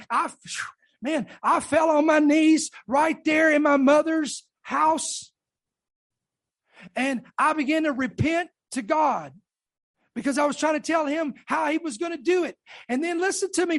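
High-voiced woman preaching a fervent testimony. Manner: fervent, emphatic preaching with call-outs to the congregation. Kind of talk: sermon testimony.

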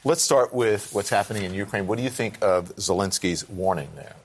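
A man's voice: on the low side, brisk. A man anchoring a morning news show, introducing stories and questioning a guest in a direct, conversational way.

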